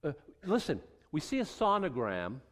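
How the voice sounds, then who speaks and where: Animated preaching man in a reverberant hall. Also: fairly high pitch, normal speed. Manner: animated, wry preaching with dramatic voices for God and kings. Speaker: pastor. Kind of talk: sermon.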